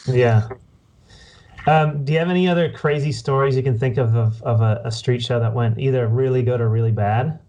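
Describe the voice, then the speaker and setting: A man's voice: mid-range voice, normal speed, warm tone, lo-fi sound. A man hosting a casual interview, asking brief questions and adding short prompts. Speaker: podcast interviewer.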